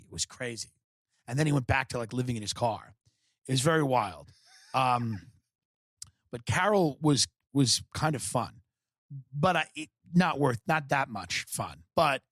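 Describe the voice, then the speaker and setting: A man's voice: mid-range voice, fairly bright tone, dry recording, studio quality. Rambling, sardonic man from Long Island. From Long Island, New York. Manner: rambling, sardonic, jumps between voices. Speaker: comedian podcast host. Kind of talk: casual storytelling.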